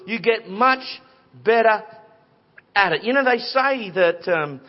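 A man preaching a sermon in a conversational, animated storytelling way with playful voices. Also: high voice. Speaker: pastor. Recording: dull lo-fi recording.

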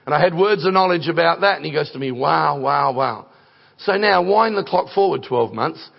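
A man's voice: a little high, a little fast, gravelly, highs cut off. A middle-aged man preaching a sermon, telling stories in a conversational way that builds to emphatic points. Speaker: guest preacher. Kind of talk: sermon with storytelling.

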